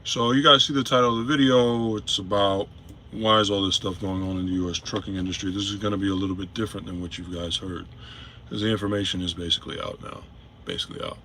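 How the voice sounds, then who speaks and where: A man's voice: low-pitched, fairly even intonation, quick pace, sharp tone, a little hiss or hum. A man who drives trucks, talking casually and emphatically to his viewers, repeating his points. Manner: repetitive, emphatic, addresses viewers directly. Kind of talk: casual to-camera monologue. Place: in a vehicle.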